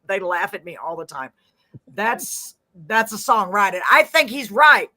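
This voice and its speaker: An older woman hosting a casual live podcast chat, talkative and quick to laugh. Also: medium pitch. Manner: chatty, laughing, animated. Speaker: podcast host.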